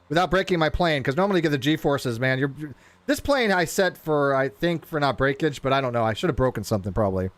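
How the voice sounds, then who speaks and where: A man narrates his flight-sim session in a loose, rambling way, with a slightly high and very lively voice. He often restarts his sentences. The sound is dry and close to the mic. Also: quick pace, dry recording. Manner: rambling, self-interrupting, excitable. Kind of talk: casual live gameplay commentary.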